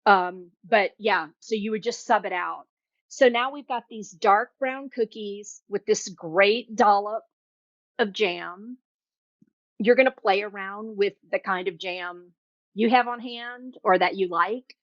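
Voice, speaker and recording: A woman's voice: medium pitch, slow pace, dry recording, dull audio. Chatty woman hosting a cooking stream. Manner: chatty and enthusiastic, tastes while talking. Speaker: cooking show host. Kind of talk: casual live cooking demo.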